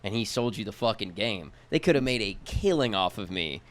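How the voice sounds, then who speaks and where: Laid-back low-voiced man, clear tone. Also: expressive, a little fast, a bit bright. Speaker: podcast co-host. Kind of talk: casual podcast chat.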